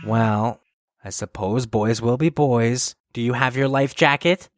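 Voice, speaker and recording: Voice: mid-range voice, measured pace, lightly acted. An actor playing a fussy, overprotective mother in a comedy sketch, with a fretful, doting manner. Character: fussy overprotective suburban mom.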